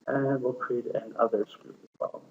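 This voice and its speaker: A man presenting a step-by-step software screencast tutorial, explaining plainly with frequent fillers. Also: mid-range voice, level tone, normal speed. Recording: tinny phone-like audio.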